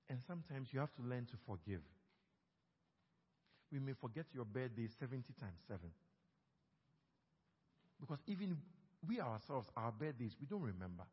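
A male pastor delivers a lively sermon on marriage, his voice swinging widely in pitch and carrying a husky grain. He slips into small put-on voices to quote couples. The sound is dull, with a long reverb tail from a large hall. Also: moderate pace, long pauses.

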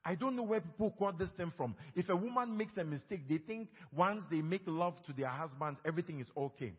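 A man preaching a sermon on marriage, lively, and he acts out quoted couples in small put-on voices. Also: fairly high pitch, a little fast, husky. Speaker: pastor. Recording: dull sound with long hall reverb.

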